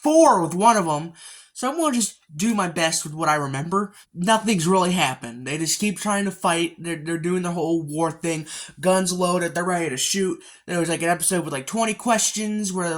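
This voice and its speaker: A man's voice: a little high, fairly bright tone. A man giving a casual, rambling recap of an anime episode, full of fillers and mild swearing, often jumping into characters' lines with a raised voice.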